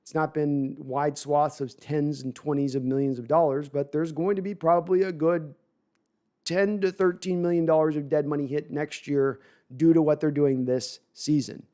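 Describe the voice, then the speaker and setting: A man's voice: fairly high pitch, steady tone, moderate pace, warm tone. A man hosting a live sports podcast, talking at length and reading chat comments, often repeating words as he restarts sentences.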